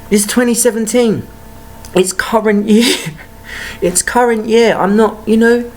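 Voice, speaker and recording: A woman's voice: on the high side, fairly even intonation, measured pace, darkish tone, a little hiss or hum. A woman ranting to camera in a heated, profane monologue full of rhetorical questions. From United Kingdom. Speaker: vlogger.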